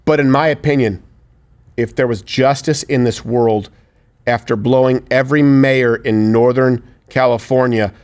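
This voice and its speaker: A man's voice: medium pitch, steady tone, measured pace, darkish tone. A man hosting a crude comedic political talk show, sarcastic and mocking. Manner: sarcastic, slips into mocking impressions. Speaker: show host.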